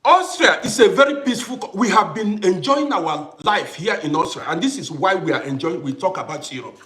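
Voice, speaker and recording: Male livestream host, middle-aged, high-pitched and expressive, hammering points home through repetition. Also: a little fast. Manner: emphatic, repeats phrases for effect. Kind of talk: impassioned livestream monologue.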